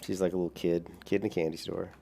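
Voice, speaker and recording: A man's voice: low voice, little pitch movement, quick pace, gravelly, dark tone, a little hiss or hum. A young adult man streaming a game, chatting casually with viewers, rambling and swearing lightly between chuckles. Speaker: gaming streamer. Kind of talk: casual gameplay chat with viewers.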